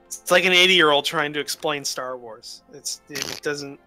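Male host of a multiplayer game; bright, lightly high voice, loose rambling chat. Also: normal speed, soft background music. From United States. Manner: rambling, laughing restarts. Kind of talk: casual multiplayer gaming chat.

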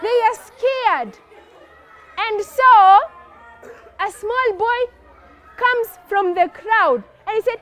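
Woman, children's storyteller, animated, asks questions, very high voice. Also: slow pace, pauses often, a faint crowd.

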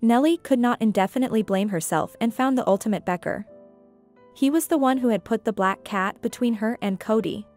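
A woman narrating a scripted drama story in a steady, even storytelling manner. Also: fairly high pitch, brisk, faint music behind.

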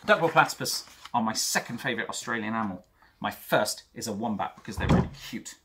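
A young man teaching an art lesson for children, chatty and talking straight to young viewers, with a husky voice. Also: on the low side, animated, fast talker, heavy background noise.

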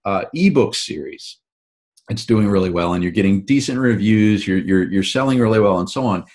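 Man, author and host, low voice, casual interview chat, long explanations, frequent restarts. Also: normal speed, a little mellow.

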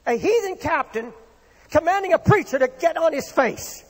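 A man's voice: very high voice, expressive, normal speed, in a large hall. A man preaching a sermon in an impassioned, dramatic way, acting out the words of the people in his stories. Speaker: pastor.

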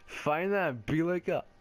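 A young gaming YouTuber with a slightly high voice does live gameplay commentary into a headset mic at his home setup. He's excitable and sweary, often laughing at himself.

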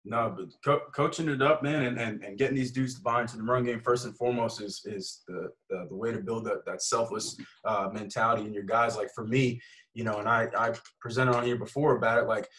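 A man's voice: medium pitch, steady tone, fairly quick, fairly bright tone, low-quality recording. A man who coaches football, chatting casually, with rambling sentences full of slang and restarts. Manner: rambling, heavy on fillers and restarts, laid-back slang.

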